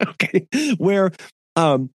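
A man's voice: fairly high pitch, very slow, no echo, clean studio sound. A man co-hosting a casual podcast chat, giggly and rambling, laughing often. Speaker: podcast co-host.

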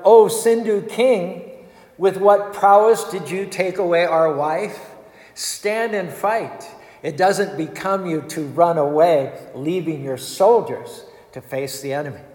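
A man's voice: sits high, slow pace, darkish tone. A man voicing a proud male warrior who challenges a fleeing king in a commanding, declamatory tone. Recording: echoey hall with long reverb.

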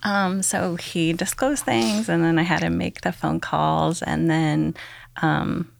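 A woman's voice: lowish voice, steady tone, slow pace, creaky, slight background noise. A woman, a podcast guest, giving an earnest personal testimony, rambling with many "likes" and ums.

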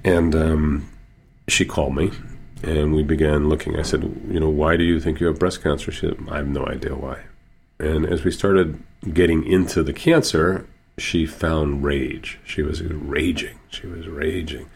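A man working as a Sufi healer tells stories in an interview, slow and earnest, with repeated phrases. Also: a bass voice, steady tone, vocal fry, a little mellow, a little hiss or hum. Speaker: Sufi healer and teacher, guest. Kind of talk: storytelling in an interview.

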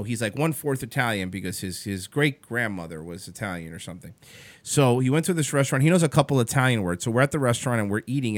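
Animated man telling stories on air. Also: mid-range voice, dry recording. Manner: animated, mocking, laughs through stories. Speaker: radio show host. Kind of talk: casual on-air storytelling. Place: radio studio.

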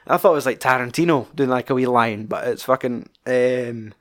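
A man's voice: medium pitch, normal speed, a bit bright. Young Scottish man, casual film chat, rambling, lots of swearing. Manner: rambling, swears freely, many fillers.

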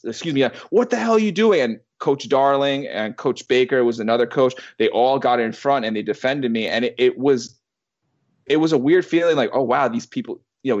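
A man in his thirties tells a long personal story in a loose, rambling way, circling back through restarts and the occasional curse. His voice sits at an ordinary middle pitch. The recording sounds slightly dull and lo-fi. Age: 30s. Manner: rambling, with many restarts and swearing. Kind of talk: casual storytelling.

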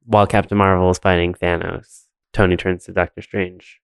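A man's voice: low voice, level tone, normal speed, gravelly, smooth, no room sound. A man co-hosting a podcast, recapping a film in rambling casual chat full of fillers and laughs. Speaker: podcast co-host.

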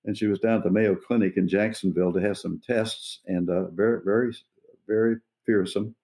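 An older man in his eighties recalls his life as an evangelist in an interview. His voice sits low, with a gravelly, creaky texture and a dark, mellow tone. He speaks earnestly and without hurry, often pausing to find his words. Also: steady tone. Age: 80s. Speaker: evangelist guest. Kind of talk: reflective personal storytelling.

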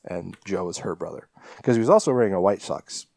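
A man's voice: sits low, lively intonation, brisk, creaky, a little mellow, no room sound. A man co-hosting a podcast, casually recapping a horror film with lots of ums and restarts. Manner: rambling, many fillers and restarts. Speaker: podcast co-host.

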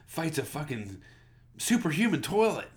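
A man's voice: on the high side, very animated, moderate pace. A man from the Southern United States co-hosting a podcast, talking in a casual, rambling way and swearing freely. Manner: laid-back, swears a lot, trails off and restarts. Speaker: podcast co-host. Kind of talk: casual chat.

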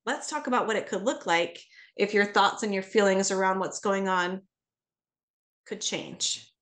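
A middle-aged woman, a parenting coach, chatting on a podcast and telling stories with lively acted-out dialogue. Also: medium pitch, unhurried. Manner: animated storyteller, acts out dialogue. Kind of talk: casual podcast conversation.

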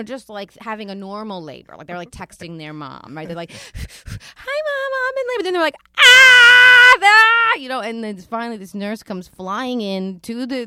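A woman with a New York accent, a guest author telling animated stories in casual podcast conversation and swearing freely. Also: medium pitch, no room sound. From New York, Queens. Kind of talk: casual storytelling chat.

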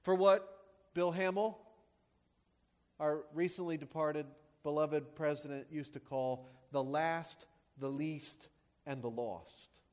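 A man's voice: on the high side, steady tone, takes it slowly. A man preaching a sermon as a pastor, praying and then teaching with rhetorical questions and emphatic repetition.

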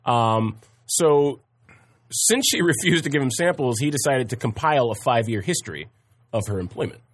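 A man's voice: medium pitch, lively intonation, normal speed, husky. A man hosting a podcast, telling a history story casually, with many fillers and frequent laughs. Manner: chatty, laughs often, many fillers and restarts.

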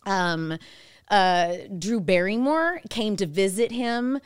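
A woman's voice: medium pitch, slow, smooth. A woman telling stories in a casual chat, full of "like" fillers. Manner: chatty storyteller, lots of "like" fillers.

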